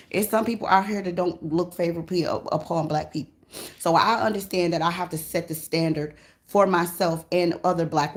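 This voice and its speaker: Woman, tarot reader, casual reading, blunt, cursing freely, slightly low voice. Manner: blunt, profane, animated. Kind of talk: casual spiritual reading monologue.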